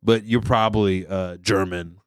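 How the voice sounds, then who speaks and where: A man's voice: on the low side, fairly even intonation, normal speed, clear, resonant tone, no echo, clean studio sound. A man from California co-hosting a podcast, chatting casually with many fillers, asides and swearing. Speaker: podcast co-host. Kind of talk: casual chat.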